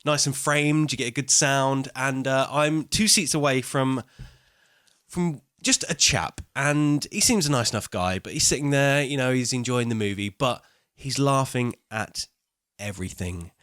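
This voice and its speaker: Young male podcast co-host, wry anecdotal storyteller, mid-pitched voice. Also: unhurried, a bit bright, clear, resonant tone. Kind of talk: casual film chat, storytelling.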